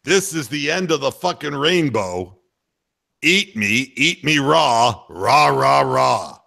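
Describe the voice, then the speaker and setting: A man's voice: medium pitch, lively intonation, takes it slowly, gravelly, pushed and bright, pitched above the performer's own voice, full character voice. A man doing a comic impression of a grumpy old male sports announcer, ranting with bitter, profane lament. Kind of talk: comic impression on talk radio.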